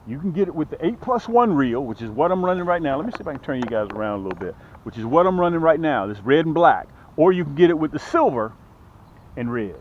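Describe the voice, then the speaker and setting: An excited man hosts a fishing vlog from a small boat, chatting straight to his viewers. His voice swings animatedly up and down and sits a bit high. The outdoor recording is dull and lo-fi, with a faint wash of noise behind him. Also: fast. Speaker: fishing channel host. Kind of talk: casual fishing vlog commentary.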